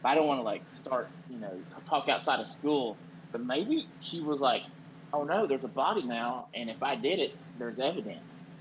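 A man playing a self-important small-town doctor who talks in a deadpan, halting way and blurts out acted-out quotes. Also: mid-range voice, lo-fi sound, slight background noise, lightly acted. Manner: deadpan, halting, acts out quotes with sudden loud "What?". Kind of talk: improvised comedy character.

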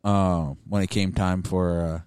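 Brief: young male podcast co-host, low smooth voice, dry close sound, rambling and profane. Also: flat delivery, a little slow, a little mellow, dry recording. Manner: rambling, swears freely, many restarts. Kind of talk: casual chat.

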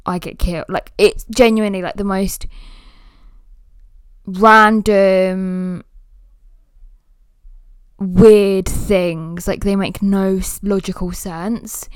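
A young woman hosting her own podcast, talking candidly and rambling with many fillers, at times quiet and emotional. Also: mid-range voice, fairly even intonation, slow pace, long pauses, clear, resonant tone, no room sound. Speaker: podcast host. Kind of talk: personal podcast monologue.

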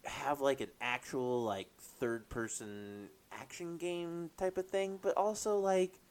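A man's voice: on the high side, fairly even intonation, takes it slowly. A man chatting casually as a podcast co-host, laughing often and trailing off with fillers. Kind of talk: casual chat.

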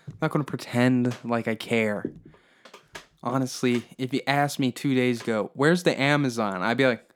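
A man riffs alone on his comedy podcast, swearing freely as he rambles. He mocks and sneers at whatever comes to mind. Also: medium pitch. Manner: rambling, profane, mocking. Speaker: podcast host. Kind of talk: solo comedy podcast monologue.

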